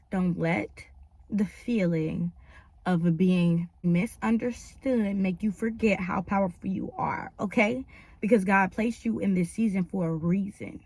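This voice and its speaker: A woman's voice: mid-range voice, fairly bright tone. A woman vlogger, talking casually and emphatically to her viewers, repeating promises like a preacher. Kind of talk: casual talk to camera.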